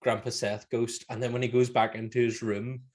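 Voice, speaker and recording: A man's voice: mid-range voice, flat delivery, normal speed. A man with a Northern Irish accent co-hosting a podcast, retelling film scenes in casual, swearing, laugh-filled chat. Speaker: podcast co-host.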